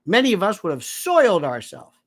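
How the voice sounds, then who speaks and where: A man giving an animated commentary monologue. He rambles, corrects himself and acts out the voices of the people he describes. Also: sits high, fairly quick. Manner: digressive, theatrical, mimics voices, self-correcting.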